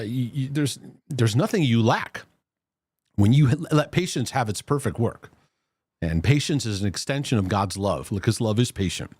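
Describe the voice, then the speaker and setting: Male livestream host, casual and talkative, animated delivery at an ordinary pitch. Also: dry recording, studio quality. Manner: chatty, greets viewers by name, loose restarts. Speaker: host of a Christian mental health livestream. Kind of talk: casual live-stream talk.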